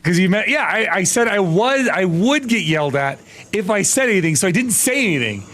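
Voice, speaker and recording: A man's voice: high voice, very animated, brisk, a bit bright. A young adult man streaming a game live, chatting casually and playfully protesting his innocence with frequent laughter. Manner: playful, mock-indignant protesting, laughing often.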